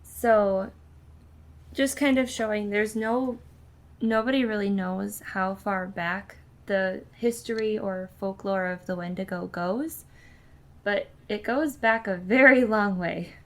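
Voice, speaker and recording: A young woman co-hosting a podcast, chatting casually and reading a passage aloud haltingly, with many ums and restarts. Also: mid-range voice, a bit bright. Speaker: podcast co-host.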